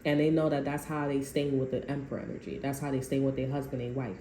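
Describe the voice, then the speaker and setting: Low-voiced woman doing a profane tarot reading. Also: fast talker. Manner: animated, profane, laughing asides. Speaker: tarot reader. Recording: echoey room, faint noise.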